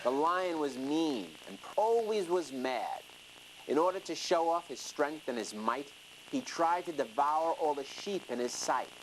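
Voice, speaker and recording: A storyteller reading a rhyming children's story in an expressive, sing-song way. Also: medium pitch, a little slow, background noise. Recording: music playing under the reading.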